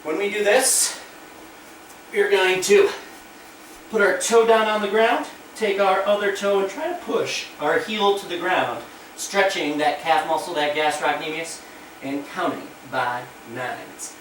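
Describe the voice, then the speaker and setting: A man's voice: high voice, unhurried, fairly bright tone. Man counting stretches in an echoey room. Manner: counts aloud while demonstrating exercises. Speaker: PE teacher. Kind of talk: teaching stretches with skip counting. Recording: echoey room from far off with noise.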